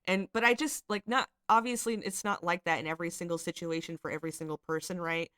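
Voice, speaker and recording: A young woman with a somewhat low voice gives casual commentary while she reads screenshots aloud. She talks in a chatty, exasperated way, full of filler words. The recording is dry and close, with no room sound. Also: fairly even intonation, fast, sharp tone, no echo. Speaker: commentary channel host.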